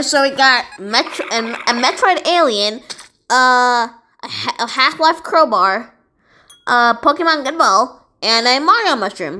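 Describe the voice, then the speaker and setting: A woman voices SpongeBob, the excitable, goofy cartoon sea sponge, in a slightly high voice while playing a video game and chattering to viewers.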